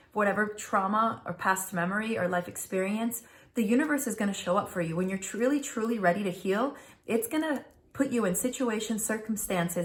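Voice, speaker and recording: A middle-aged woman telling personal stories in a chatty, earnest vlog, addressing viewers directly as "you guys". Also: medium pitch. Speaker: spiritual influencer, vlogger. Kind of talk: casual direct-to-camera storytelling.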